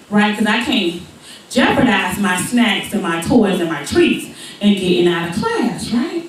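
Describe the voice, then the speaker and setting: A woman comedian telling a story on stage, acting out the people in it. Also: moderate pace. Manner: animated, acts out characters with big pitch jumps. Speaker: stand-up comedian. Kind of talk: stand-up storytelling. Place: live comedy venue. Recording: echoey room, mic far off, faint ambience.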